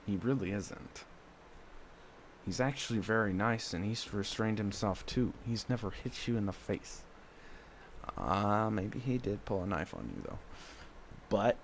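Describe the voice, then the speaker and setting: A man's voice: sits low, creaky, a little hiss or hum. Confrontational young man venting. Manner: confrontational, rambling, many fillers. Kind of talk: emotional monologue addressed to his mother.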